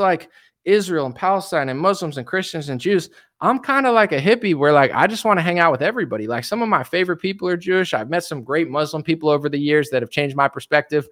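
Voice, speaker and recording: A political commentary streamer with a high, fairly bright voice goes on a casual, rambling rant. He stumbles often, repeating words and restarting sentences.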